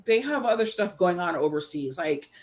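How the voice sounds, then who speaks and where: A woman's voice: fairly low pitch, animated, moderate pace. An American woman telling a long rambling story in casual chat, acting out the people she quotes. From United States. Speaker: guest panelist.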